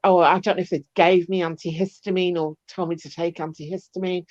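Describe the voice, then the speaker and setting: Casting: woman, animated storyteller, dull lo-fi stream sound. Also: on the low side, a little fast. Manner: chatty, animated anecdote with acted-out quotes. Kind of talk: casual storytelling.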